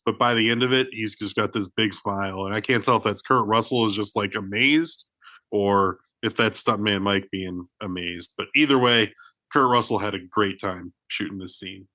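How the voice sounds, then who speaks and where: A film podcast co-host with a lower, pushed, bright voice spins rambling anecdotes, leaning on "like" and frequent restarts. There's no room sound in the casual discussion.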